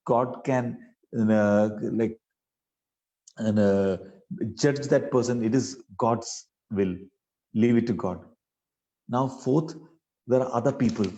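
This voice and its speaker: A man's voice: medium pitch, slow, long pauses, warm tone, lo-fi sound. A man preaching a sermon, speaking earnestly and pleadingly to his listeners and often adding "you know" mid-sentence.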